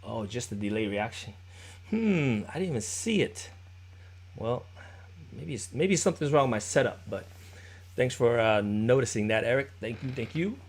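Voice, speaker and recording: A man's voice: medium pitch, animated, moderate pace. A man teaching a live-streamed popping dance class, counting beats, encouraging his students and answering viewers in chat in a chatty way. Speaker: dance instructor.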